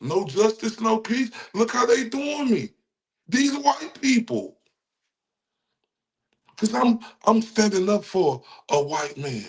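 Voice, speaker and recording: A man's voice: high voice, sing-song, takes it slowly, pauses often. A man with a Texan accent, a streamer ranting with heated, taunting, profane commentary at his viewers. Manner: heated, repetitive, taunting, addresses viewers as y'all. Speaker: streamer reacting to clips.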